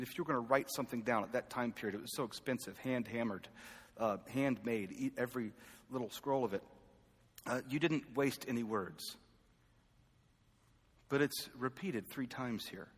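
A man preaching a sermon in a conversational, self-deprecating way, swinging from loud calls to the congregation to quiet asides. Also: medium pitch, husky. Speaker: pastor. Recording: echoey hall reverb.

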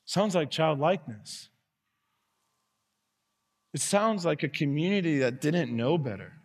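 A man preaching a sermon as pastor, earnest, dropping to soft tones and rising to loud calls. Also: fairly high pitch, animated, a little slow. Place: church sanctuary. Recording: long reverb of a large hall.

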